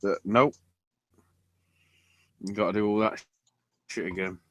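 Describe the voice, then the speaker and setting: Male podcast host, low voice, slow, sarcastic and profane. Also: fairly even intonation, fairly bright tone, no echo. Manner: profane, sarcastic, unhurried drawl. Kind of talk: casual wrestling recap chat.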